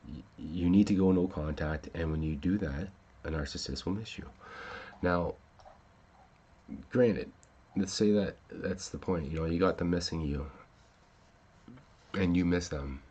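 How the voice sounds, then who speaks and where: Very deep husky-voiced man rambling. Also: measured pace, long pauses, darkish tone, highs cut off. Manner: rambling, frequent fillers and restarts, swears when upset. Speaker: podcast host. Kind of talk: casual talk on relationships.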